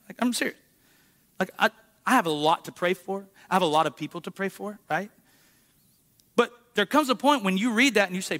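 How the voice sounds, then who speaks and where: A man with a high, bright voice preaches a sermon in a church. He keeps it conversational and lively, often checking in with the congregation, and his tone stays clear and ringing throughout.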